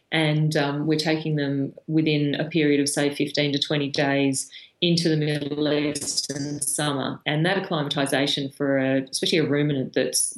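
Australian woman guest, a frank vet with a deep voice who tells anecdotes full of "um"s, recorded in an echoey room. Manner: frank, anecdotal, with many fillers and restarts. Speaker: veterinarian guest. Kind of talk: conversational storytelling interview. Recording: roomy echo.

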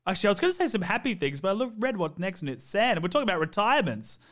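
A man hosting a casual podcast chat, opinionated and animated, speeding up and slowing down as he argues. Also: sits high. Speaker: podcast host.

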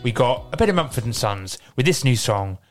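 A man hosting a radio show, rambling and joking, stammering when excited. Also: mid-range voice, brisk, soft background music. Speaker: radio host. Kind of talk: playful radio banter.

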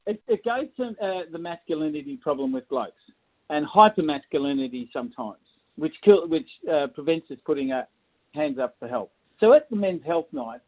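An Australian man speaks as a guest consultant, spinning jokey stories and laughing at his own lines. His voice sits a little high. It comes through a thin, phone-like line. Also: breathy edge. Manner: jokey, chuckling storyteller. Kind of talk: casual interview storytelling.

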